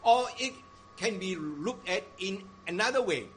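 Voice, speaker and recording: Slow, lively-pitched male preacher. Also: a little hiss or hum. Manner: deliberate, emphatic, stresses repeated phrases. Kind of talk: sermon.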